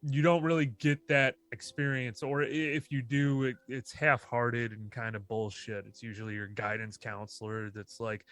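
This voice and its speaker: A man's voice: medium pitch, steady tone, moderate pace, few pauses, a bit bright, dry recording. A man co-hosting a podcast, chatting casually and rambling a little, with free swearing. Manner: rambling, loose, swears freely. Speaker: podcast co-host. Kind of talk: casual chat.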